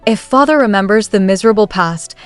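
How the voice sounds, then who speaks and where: Nervous young noblewoman, hesitant delivery, voiced by a woman narrator, smooth tone. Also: medium pitch, expressive, brisk, soft background music, lightly acted. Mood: flustered. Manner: flustered, hesitant. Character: anxious young noblewoman reborn in the past.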